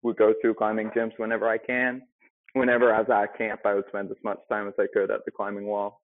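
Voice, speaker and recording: A man's voice: on the low side, completely flat delivery, a little fast, no room sound. Young man on a thin phone line. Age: young adult. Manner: hesitant, with many fillers. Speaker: restaurant manager, guest. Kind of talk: casual interview answers.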